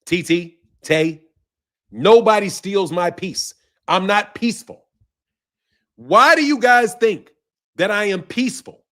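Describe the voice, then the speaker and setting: A man's voice: sits high, takes it slowly, long pauses, bright, forceful tone. A man hosting a boxing live stream, answering viewers' comments in a blunt, combative, profane way and laughing often. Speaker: boxing channel host.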